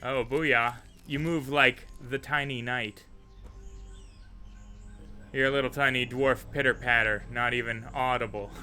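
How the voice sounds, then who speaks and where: A man narrating a tabletop game as game master, relaxed and chatty with frequent fillers. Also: medium pitch, a little slow, pauses often, faint music behind.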